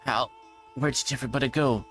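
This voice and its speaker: A man reading a visual novel aloud, voicing a frightened, defiant teenage girl who talks in a strained, panicked, shouting way. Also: mid-range voice, fairly even intonation, a little fast, faint music behind, lightly acted. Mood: terrified.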